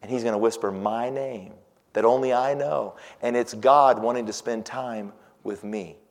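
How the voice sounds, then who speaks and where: A man's voice: mid-range voice, steady tone, normal speed. Man preaching in a reverberant hall. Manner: dramatic swings from loud emphasis to hushed near-whisper; quotes scripture in old-fashioned wording. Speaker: pastor. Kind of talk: sermon.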